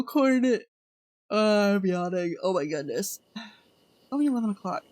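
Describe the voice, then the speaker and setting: A woman's voice: medium pitch, expressive, a little slow, pauses often, darkish tone. A woman streamer chatting casually with her chat, telling groan-worthy jokes and giggling at them.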